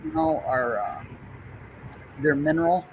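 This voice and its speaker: A man's voice: a little high, animated, measured pace, lo-fi sound. A man chatting casually, restarting his sentences often. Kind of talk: casual chat. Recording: faint background noise.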